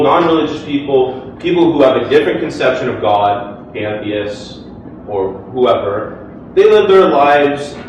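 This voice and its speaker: A man's voice: mid-range voice, a little mellow, slight background noise. A man arguing his side in a formal debate, speaking earnestly and conversationally with frequent fillers, before an audience in a hall. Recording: echoey hall, distant mic.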